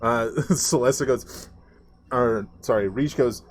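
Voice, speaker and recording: A man narrating as game master of a tabletop game, halting and full of fillers. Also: medium pitch, a little hiss or hum.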